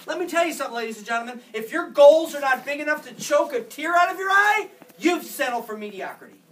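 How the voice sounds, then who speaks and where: A man giving a motivational talk to an audience, energetic and emphatic, with repeated phrases. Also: very high voice, fast, slight background noise. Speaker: motivational speaker. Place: office meeting room. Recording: distant mic in a room.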